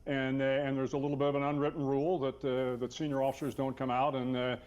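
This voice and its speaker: An older man, a retired military officer, answering in a TV news interview in a measured, hesitant way with many fillers. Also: mid-range voice, level tone, darkish tone, clear, resonant tone, dull audio.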